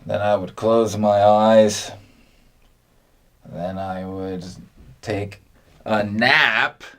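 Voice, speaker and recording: A man with a somewhat low voice tells a meandering comic story at an extremely slow crawl. He halts often and leaves long gaps between phrases. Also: fairly even intonation. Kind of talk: rambling comic monologue.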